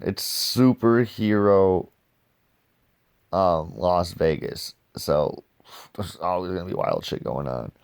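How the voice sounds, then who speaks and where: A man casually reviewing comic books in a loose, slangy, excitable way. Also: deep voice, smooth.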